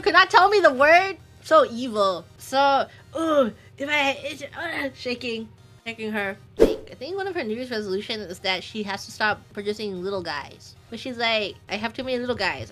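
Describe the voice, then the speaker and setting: Bright, high-voiced woman streamer chatting. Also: moderate pace, soft background music. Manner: animated storytelling, giggly, acts out her friends' lines. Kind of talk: casual stream chat.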